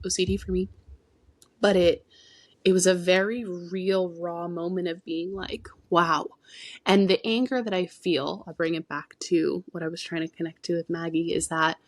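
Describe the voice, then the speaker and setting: A woman podcast co-host with a somewhat low, grounded voice tells a heartfelt personal story, full of asides. She speaks plainly as a therapist, her delivery swinging between emphatic bursts and near-whispers. The sound is dry and close, with no room around it. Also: a little mellow, dry recording. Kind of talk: candid podcast conversation.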